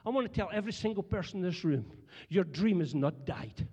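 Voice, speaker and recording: High-voiced Scottish preacher, joking. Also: male voice, fairly quick, breathy edge, lo-fi sound. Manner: animated, joking storyteller addressing the congregation. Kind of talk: humorous sermon. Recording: long church hall reverb.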